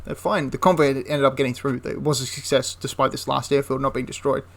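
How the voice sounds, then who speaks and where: A man's voice: mid-range voice, flat delivery, fairly quick, creaky, fairly bright tone. A young man casually retelling a wartime history story, chatty and prone to correcting himself mid-sentence. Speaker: history channel host.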